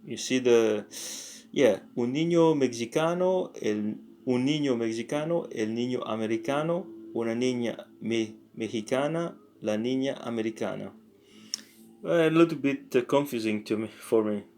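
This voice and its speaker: A man teaching a casual language lesson, talking slowly and haltingly with many fillers and self-corrections. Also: mid-range voice, dark tone. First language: French.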